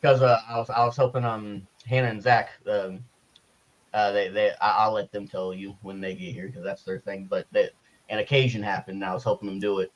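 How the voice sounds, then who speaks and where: A man in a casual group chat, telling an animated story with many restarts. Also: on the low side, fairly quick, dull audio. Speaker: group discussion participant.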